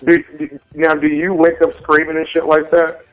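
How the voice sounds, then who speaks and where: A man's voice: on the high side, completely flat delivery, moderate pace, lo-fi sound, soft background music. Profane, joking man hosting a chat. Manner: blunt, profane, laughing questions. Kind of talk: casual chat.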